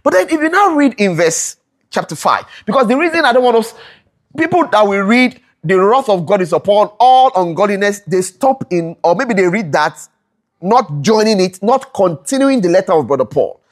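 At normal speed, a medium-pitched voice with big pitch swings teaches a Bible study on scripture. The teacher repeats rhetorical questions for emphasis, keeps checking in with listeners by asking "all right?", and stops to correct themselves mid-sentence.

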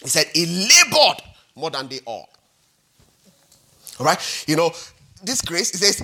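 A man in his forties preaching a sermon as pastor, animated and repetitive, often checking in with the congregation. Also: a little high, unhurried, pauses often. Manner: animated, repetitive, peppered with "all right?" and "hallelujah".

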